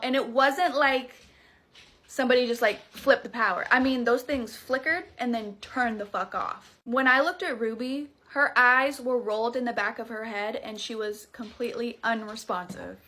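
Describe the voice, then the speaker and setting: A Southern woman in her thirties tells a scary story straight to the camera in a loose, chatty way. Her voice sits a little high with a bright, forceful edge, and she swears freely and throws in dramatic asides as she goes. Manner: animated, profane, dramatic asides. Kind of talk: casual storytime.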